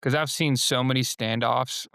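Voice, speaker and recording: A man chats as a podcast guest, his voice smooth and resonant at a middle pitch. He rambles with plenty of fillers and acts out little quoted remarks. The sound is dry and close. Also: fairly even intonation, unhurried, fairly bright tone, no room sound. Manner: loose, rambling, many fillers and quoted asides. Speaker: guest, singer and worship leader. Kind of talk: casual podcast conversation.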